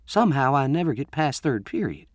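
Man doing a teen girl, high, giggly, excitable, gossipy, lively lilt, dry close sound. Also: a little fast, no echo. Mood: sheepish. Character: chatty, giggly teenage girl with a runaway mouth.

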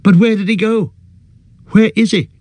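A man voicing a shrill, anxious young hobbit. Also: steady tone, moderate pace, a little mellow, dry recording. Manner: high and urgent. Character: small excitable male hobbit, shrill and anxious. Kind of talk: audiobook character voice.

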